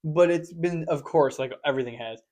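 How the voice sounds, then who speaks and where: A young podcast co-host with a somewhat high voice chats casually and a little fast, rambling through stories packed with fillers and false starts. Whenever he quotes someone, he launches into loud, animated impressions.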